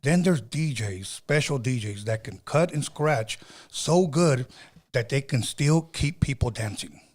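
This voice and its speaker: A middle-aged man hosting a podcast, telling stories in a loose, animated way with slang and cursing. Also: medium pitch, measured pace. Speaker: podcast host. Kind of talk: casual storytelling chat.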